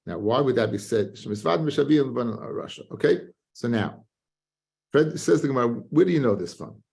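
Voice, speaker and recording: Creaky-voiced rabbi teaching Talmud. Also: male voice, mid-range voice, fairly quick. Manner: animated, chanting study singsong with frequent restarts. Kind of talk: Talmud class.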